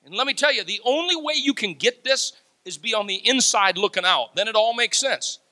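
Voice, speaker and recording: Animated preacher man, bright and high. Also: fairly quick. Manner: animated preaching, laughs, acts out quotes. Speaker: pastor. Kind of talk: sermon.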